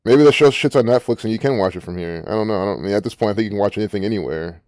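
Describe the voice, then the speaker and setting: A man with a lowish voice rants in a loose, rambling way, swearing often and sounding indignant as he reacts to what is on his screen. He talks as host of his own channel. The sound is close and dry, with no room echo. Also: racing, a little mellow. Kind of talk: ranting screen-reading commentary.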